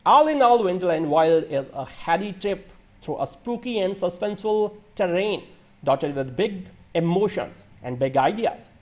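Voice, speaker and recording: A man's voice: high-pitched, animated, normal speed. A man reading a film review aloud from a script, now and then stumbling and restarting a word. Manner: reads a written script with occasional stumbles and restarts.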